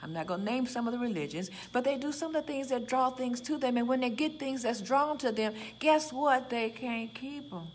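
Lively woman pastor preaching. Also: on the high side, a little fast, few pauses, a little hiss or hum. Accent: Chicago. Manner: lively, conversational, acts out prayers and dialogue. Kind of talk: sermon.

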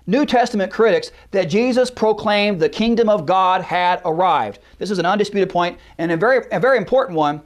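A man's voice: high voice, expressive, a little fast, few pauses. A man teaching a lecture on early Christian belief, explaining points step by step and stressing key words while citing verses. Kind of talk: apologetics lecture.

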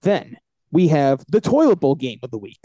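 Male podcast co-host, slightly high, mellow tone, dry close mic, hype-driven picks delivery. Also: moderate pace, no room sound. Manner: animated, hyping his picks. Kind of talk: casual sports picks chat.

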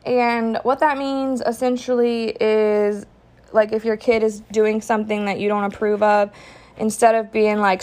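A woman's voice: mid-range voice, steady tone, measured pace. A woman hosting a podcast, talking frankly and casually, often saying "like" and acting out what a parent might say. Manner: frank, peppered with "like", acts out quoted parent talk. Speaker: podcast host. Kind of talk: candid casual podcast monologue.

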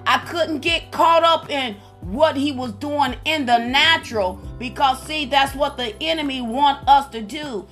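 High-voiced fervent woman preacher. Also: fairly bright tone. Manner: fervent, exclaims hallelujah and glory to God. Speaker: prayer line host. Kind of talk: preaching on a prayer call.

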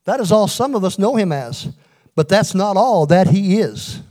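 A man's voice: sits high, lively intonation, moderate pace, a little mellow. A pastor preaching a sermon with energy, calling out questions to his congregation in a church.

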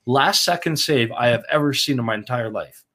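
A young man co-hosting a casual sports podcast, telling excited stories with lots of "like" and some swearing. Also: mid-range voice, fairly quick. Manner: excitable, swears, animated storytelling. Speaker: podcast co-host.

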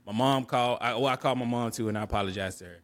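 In a dry recording, a medium-pitched man races through a personal story as a podcast co-host. The adult speaker is candid, earnest and reflective, frequently starting over and repeating himself.

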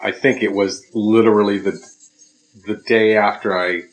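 A man's voice: fairly low pitch, little pitch movement, normal speed, low-quality recording. A man co-hosting a podcast, chatting casually and hesitantly, with plenty of ums and restarts. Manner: rambling, hums tunes, hesitant with ums. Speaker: podcast co-host. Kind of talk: casual chat.

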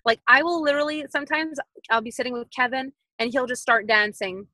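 A woman's voice: sits high, a little fast, no echo, poor audio. A woman in her thirties, a podcast guest talking casually and animatedly, repeating her points like mantras. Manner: animated, repetitive motivational phrasing.

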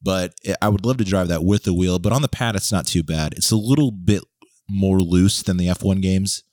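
Deep-voiced man, chatty host. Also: a little fast, no room sound, clean studio sound. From Texas. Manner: joking, animated, laughs often. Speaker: podcast host. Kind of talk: casual chat.

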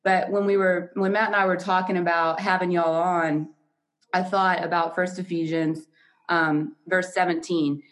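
A woman hosting a podcast, chatting casually in a warm, affectionate and expressive way. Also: lowish voice, moderate pace. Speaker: podcast host.

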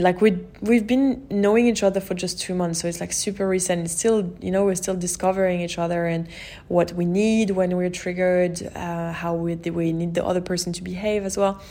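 A woman's voice: lowish voice, mellow. A woman hosting a podcast, telling a personal story in an open, emotional way and often saying "like" and "you know". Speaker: podcast host.

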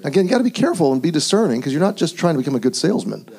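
A pastor hosting a round-table discussion, running briskly through a list of tips and often ending points with "okay?". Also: male voice, a little high, sing-song, creaky, a little mellow, breathy edge. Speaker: pastor and conference host.

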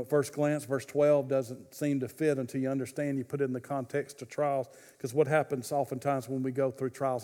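A man preaching a sermon, swinging between loud, fervent exhortation and hushed, intimate pleading. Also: on the high side, long reverb tail. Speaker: pastor.

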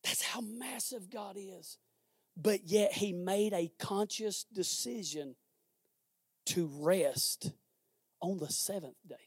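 Slow, dramatic preaching man over music. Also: high-pitched, husky, no room sound, studio quality. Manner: dramatic swings from hushed to shouted emphasis; exhorting, conversational preaching. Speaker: pastor. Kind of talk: sermon. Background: instrumental music underneath.

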